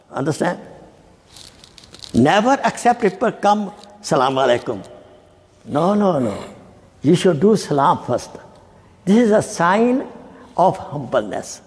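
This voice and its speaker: Preacher guy, fired-up sermon, keeps asking the crowd questions, pitch jumping all over. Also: long reverb tail. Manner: emphatic, rhetorical questions to the audience. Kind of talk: Friday sermon. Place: mosque hall.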